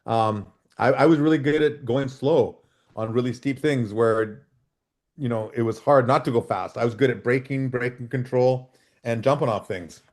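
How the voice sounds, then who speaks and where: A middle-aged man from Canada tells freeride stories as a podcast guest, his voice at an everyday pitch. He talks over a video call and acts out the other people in his tales with lively shifts. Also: moderate pace. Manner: animated storyteller, acts out quoted dialogue. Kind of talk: casual storytelling interview.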